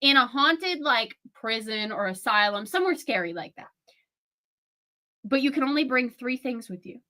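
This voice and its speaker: A woman's voice: a little high, expressive, moderate pace, pushed and bright. A young woman co-hosting a casual chat, playful and often giggling. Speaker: co-host.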